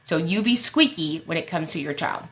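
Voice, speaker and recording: Forceful blunt woman advocate. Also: low-pitched, lively intonation. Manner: emphatic, blunt and sassy, with quick jokes. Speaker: special education advocate. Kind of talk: fiery advice on a live Q&A show.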